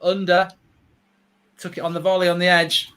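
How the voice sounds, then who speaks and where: A man's voice: high voice, monotone, moderate pace, a bit bright, clear, resonant tone. Chatty man hosting a football watchalong. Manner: chatty, rambling, reads out viewer comments. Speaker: watchalong host. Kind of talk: casual football watchalong commentary.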